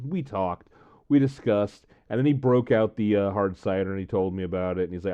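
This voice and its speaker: A man's voice: low voice, a little fast, narrow, tinny audio. A man telling a long personal story on his vlog in a casual, rambling way, with many fillers and "uh, um"s. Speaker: vlogger.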